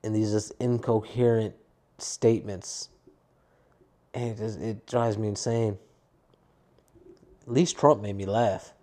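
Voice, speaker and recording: A young adult man talks alone into his podcast mic, rambling and swearing with a tired, downbeat edge. His voice is mellow and warm, never bright. He drifts loosely from one gripe to the next. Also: fairly low pitch, fairly even intonation, slow, pauses often. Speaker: podcast host. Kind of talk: casual solo podcast rant.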